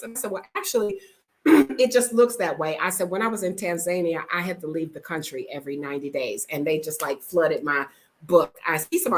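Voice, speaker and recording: A woman's voice: fairly low pitch, a little fast, low-quality recording. A middle-aged woman vlogging, telling stories casually and frankly and acting out the people in them. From United States. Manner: animated, frank, acts out the people in her stories. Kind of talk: casual storytelling to camera.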